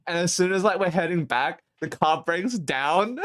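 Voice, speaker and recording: A man's voice: high-pitched, lively intonation, moderate pace, a bit bright. A young man streaming as a VTuber, telling a rambling story with lots of laughing, swearing and false starts. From Australia.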